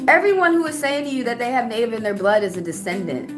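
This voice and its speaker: Young female streamer, heated and confrontational, somewhat high voice, music playing under her. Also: roomy sound. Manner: confrontational, rapid-fire rhetorical questions. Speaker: livestream host. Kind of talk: heated casual livestream rant. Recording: music playing clearly behind.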